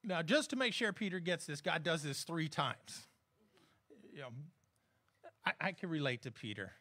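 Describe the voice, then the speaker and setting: High-voiced man preaching a conversational sermon. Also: lively intonation, moderate pace, sharp tone. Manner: conversational, humorous preaching with frequent audience check-ins. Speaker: pastor.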